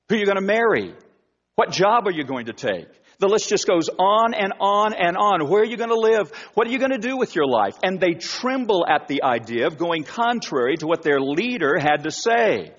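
Male pastor, emphatic sermon, high animated voice, husky, long church reverb, dull recording. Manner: emphatic, repeats phrases and rhetorical questions.

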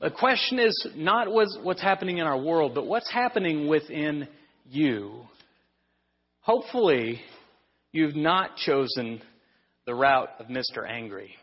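A pastor preaching a sermon in a conversational, storytelling way with rhetorical questions. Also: male voice, a little high, lively intonation, unhurried, breathy edge. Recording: muffled sound in a reverberant hall.

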